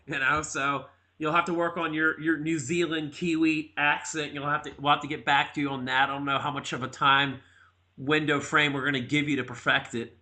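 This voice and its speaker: A man's voice: fairly high pitch, little pitch movement, fairly quick, bright, forceful tone. A man hosting a sports interview show, chatting casually and often stumbling over repeated words.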